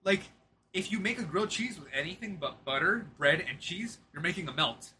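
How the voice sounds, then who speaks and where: A man's voice: high voice, expressive, brisk, sharp tone. A man joking in a casual chat among friends, mimicking voices in his stories.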